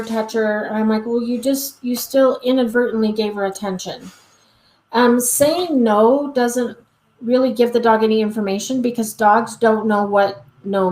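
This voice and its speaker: A woman's voice: fairly high pitch, darkish tone. A woman dog trainer answering questions in a casual live Q&A, chatty, with many "um"s and acted-out quotes. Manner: chatty, frequent "um", acts out quoted exchanges. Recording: roomy echo.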